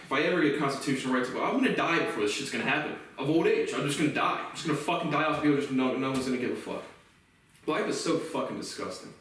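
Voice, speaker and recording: A man delivering an angry, profane vlog rant that bursts into shouting. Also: medium pitch, lively intonation, fast, far from the mic, a little hiss or hum. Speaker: vlogger. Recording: very echoey room, voice off-mic.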